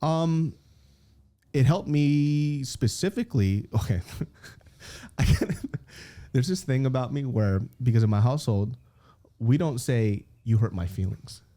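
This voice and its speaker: Animated, laughing man telling stories. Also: mid-range voice, a little slow, long pauses. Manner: animated storyteller, swears freely, laughs often, acts out quotes. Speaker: guest comedian. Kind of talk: candid podcast interview.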